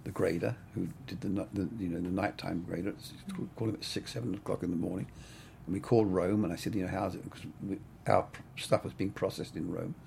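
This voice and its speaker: A low, gravelly older man recalling his work as a cinematographer in an easygoing interview. He rambles, circling back with "I mean" and "you know". A faint hiss sits under the recording. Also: steady tone, fast talker, mellow. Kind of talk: casual interview storytelling.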